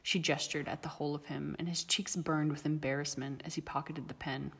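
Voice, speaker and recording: Low husky woman narrating. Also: level tone, brisk, a bit bright. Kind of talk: audiobook reading of fan fiction. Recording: long reverb.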